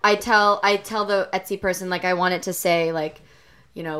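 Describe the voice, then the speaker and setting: Woman co-host, casual storyteller, laughs easily; mid-range voice, relaxed chat delivery. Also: mid-range voice, a little fast. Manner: animated, laughs through her stories. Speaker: podcast co-host.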